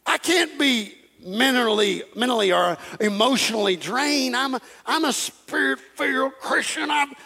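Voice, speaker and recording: A man preaching an animated sermon, acting out dialogues and repeating phrases. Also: very high voice, moderate pace, gravelly, hardly any pauses, husky. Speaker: pastor.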